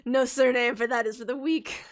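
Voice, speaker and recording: On a casual livestream, a woman with a somewhat high voice reads viewer names aloud from chat at a moderate pace and fairly even intonation. She giggles often, gets distracted, and stumbles over names as she scrolls; she's a livestream host and storytelling bard.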